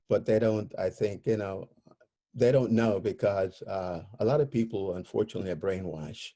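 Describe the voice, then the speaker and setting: A man speaking as an interview guest, telling personal stories in a halting way, often searching for words. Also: fairly low pitch, fairly even intonation, mellow.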